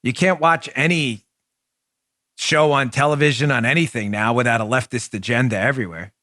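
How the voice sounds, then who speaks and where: A man's voice: mid-range voice, normal speed, sharp tone, no echo, clean studio sound. A middle-aged man hosting a podcast, delivering a fired-up political commentary monologue with emphatic, repeated words. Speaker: podcast host.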